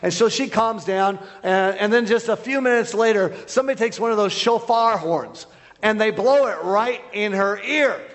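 A man who is a guest preacher, telling a story in a sermon, loud, with many repeated restarts. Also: high-pitched, normal speed. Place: church hall. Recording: long hall reverb.

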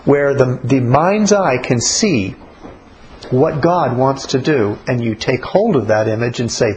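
A man's voice: medium pitch, lively intonation, a little slow, rough recording. Male prayer teacher, mid-range voice, casual and blunt, with a light hiss behind him. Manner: blunt, colloquial, acts out little spoken exchanges.

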